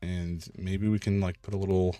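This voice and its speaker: A man hosting a charity live stream, chatting casually while he draws and thanking donors in an excitable, joking way. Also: deep voice, normal speed, no echo, soft background music.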